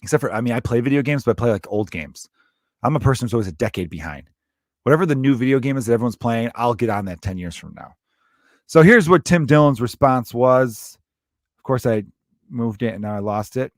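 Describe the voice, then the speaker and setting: A man's voice: medium pitch, animated, brisk, no echo, studio quality. Casual, profane man hosting a podcast. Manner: rambling, profane, jokey. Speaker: podcast host. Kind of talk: casual solo podcast talk.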